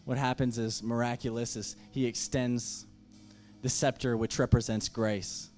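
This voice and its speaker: A man's voice: medium pitch, level tone, measured pace, a little mellow, faint music behind. A man preaching a sermon as pastor, impassioned, with emphatic repeated phrases.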